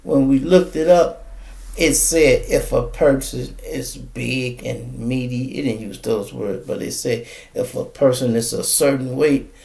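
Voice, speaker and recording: A man, hosting a podcast and retelling a news story in an animated, casual way while he talks straight to his listeners. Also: mid-range voice, measured pace, creaky. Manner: animated, addresses listeners as y'all. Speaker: podcast host.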